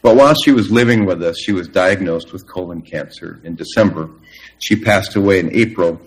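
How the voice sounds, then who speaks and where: Middle-aged guy preaching a sermon, kinda low voice, slow and emphatic. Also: low-quality recording. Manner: earnest, slow and emphatic, with long pauses. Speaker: pastor.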